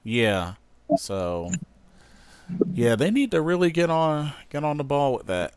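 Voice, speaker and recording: A man's voice: a little high, big pitch swings, takes it slowly, background noise. A man co-hosting a casual wrestling podcast, agreeable and hesitant, with many ums and you-knows. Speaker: podcast co-host.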